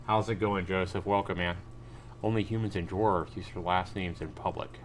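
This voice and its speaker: A man with a fairly low, steady voice commentates on a game he's playing live, at a moderate pace. He reads on-screen text aloud and drops casual exclamations and remarks to viewers, over a faint hiss of background noise.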